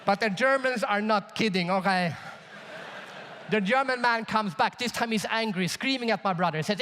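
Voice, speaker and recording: A man from Sweden giving a live conference keynote, telling an animated story and asking the audience questions. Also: high voice, normal speed. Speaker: keynote speaker. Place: large conference hall. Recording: long reverb of a large hall.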